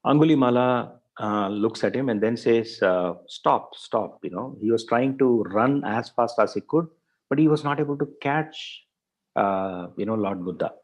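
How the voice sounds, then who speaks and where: A man's voice: mid-range voice, normal speed, darkish tone, low-quality recording. A male professor telling a story in a lecture, with many fillers and repeated words. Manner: frequent fillers, repeats words, thinks aloud.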